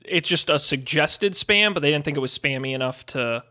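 A male podcast co-host in casual chat, telling a story in an animated, expressive way. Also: a little high, normal speed.

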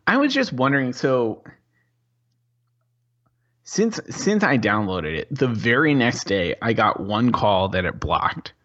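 A man's voice: mid-range voice, sing-song, slow pace, pauses often, fairly bright tone, lo-fi sound. A male podcast co-host in casual chat, hesitant and full of fillers as he asks questions.

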